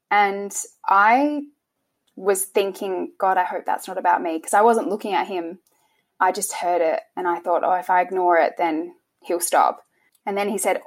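A young woman, interviewed about her past, speaking in a soft, halting way and often restarting her sentences. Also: mid-range voice, fairly even intonation. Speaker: interview guest. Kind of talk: emotional personal interview.

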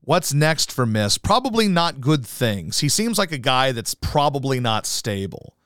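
A man's voice: mid-range voice, big pitch swings, a little slow, a bit bright, no room sound, studio quality. A man hosting a solo podcast, ranting in a profane, sarcastic, mocking way. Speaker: podcast host.

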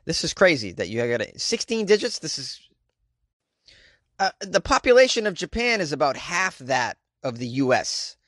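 Boston guy joking around and riffing on news, kinda high voice, no room sound at all. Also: very animated, moderate pace, fairly bright tone, no echo, clean studio sound. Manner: rambling, joking, incredulous. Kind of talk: comedic commentary.

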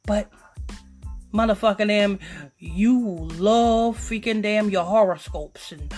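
A woman's voice: mid-range voice, slow, darkish tone, faint music behind. A woman hosting a podcast, ranting in a profane, rambling, preachy way. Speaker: podcast host. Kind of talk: casual podcast rant.

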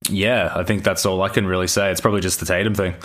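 A man co-hosts a casual podcast and talks in a laid-back way, padding his points with plenty of fillers. His voice is very deep. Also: steady tone, fast, fairly bright tone. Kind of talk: casual analytical chat.

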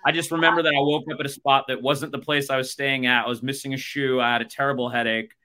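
Bright-voiced American man telling stories. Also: medium pitch, little pitch movement, fast. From United States. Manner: rambling storytelling full of fillers. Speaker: podcast host. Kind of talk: casual chat.

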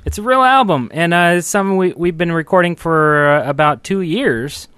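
A man's voice: on the high side, lively intonation, moderate pace, fairly bright tone, smooth, no echo. A man co-hosting a casual podcast chat, talking at length in a chatty way. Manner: chatty, plugs the show. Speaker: podcast co-host.

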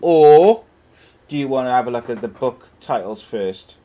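A man's voice: mid-range voice, animated, moderate pace, highs cut off. Man in his 40s, easygoing podcast co-host, loose storyteller with frequent laughs. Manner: rambling storyteller, laughs often. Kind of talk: casual chat.

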